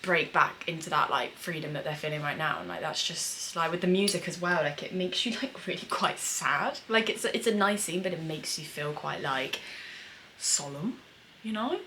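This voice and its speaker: A young woman with a low voice talks through a show in a loose, rambling way, piling on fillers and the odd swear word. A faint hiss sits under her voice. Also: normal speed, bright, forceful tone, poor audio. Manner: chatty, many fillers, emotional and swearing. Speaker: screenwriter reacting to a series. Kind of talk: casual reaction commentary.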